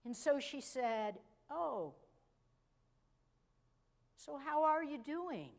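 A woman pastor preaching a sermon, telling a story and slowing down and softening her voice for emphasis. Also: high-pitched, expressive, vocal fry.

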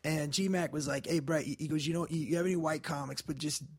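Husky high-voiced comedian telling stories. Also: male voice, fast. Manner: animated, acts out voices in anecdotes. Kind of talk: casual storytelling chat.

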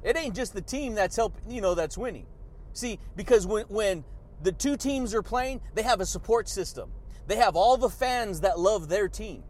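Hyped, high-pitched man with motivational patter. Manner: hyped, repeats "yeah, buddy" and "baby", laughs often. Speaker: podcast host. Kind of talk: motivational podcast monologue.

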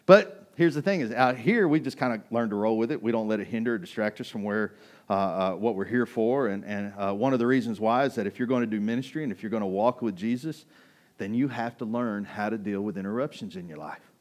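A man preaching a sermon in a relaxed, conversational way, telling a personal story and turning to ask his congregation questions. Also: fairly low pitch, fairly quick. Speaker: pastor. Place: restaurant used as a church hall.

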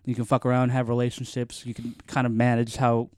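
Laid-back young man, smooth dry voice. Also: mid-range voice, monotone, fairly quick, a little mellow, no echo. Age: young adult. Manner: laid-back, swears freely, laughs often. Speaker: podcast co-host. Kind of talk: casual chat.

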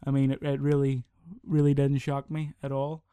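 A man's voice: mid-range voice, normal speed, smooth, no room sound. A young man hosting his own podcast, ranting casually and swearing a lot. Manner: sweary, rambling, animated. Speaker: podcast host. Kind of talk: casual solo podcast rant.

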